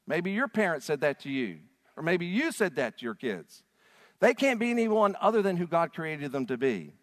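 A male pastor preaching a sermon to a congregation in an emphatic, declaring manner. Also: a little high. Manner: emphatic, rising to loud declarations. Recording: long reverb of a large hall.

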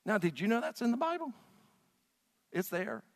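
A man preaches with fervent, animated delivery, his voice sitting fairly high and swooping widely in pitch. He moves between loud appeals and hushed, intimate passages. The sound carries a long hall reverb. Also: moderate pace. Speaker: pastor. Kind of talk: sermon.

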